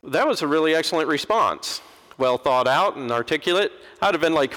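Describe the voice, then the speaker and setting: Animated preacher in a reverberant church. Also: male voice, on the high side, a little fast. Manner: animated, acts out quoted voices. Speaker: Episcopal preacher. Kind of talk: sermon. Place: large church.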